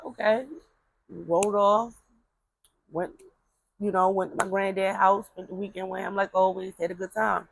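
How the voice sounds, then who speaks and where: Gravelly-voiced woman telling a family story. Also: mid-range voice, little pitch movement, moderate pace, pauses often, rough recording. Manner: rambling, repeats words, frequent fillers; acts out voices of relatives in quotes. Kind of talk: casual personal storytelling.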